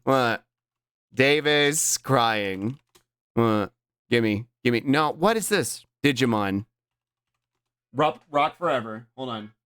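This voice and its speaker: A man's voice: no room sound, studio quality. A man streaming, chatting casually and teasing his guest, swearing often. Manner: playful, teasing, swears often, lively swoops in pitch.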